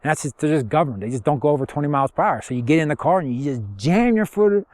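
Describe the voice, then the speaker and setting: A man's voice: on the high side, expressive, fast, no echo. A man giving a casual spiritual talk, rambling with many fillers and repeating affirmations. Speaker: spiritual teacher.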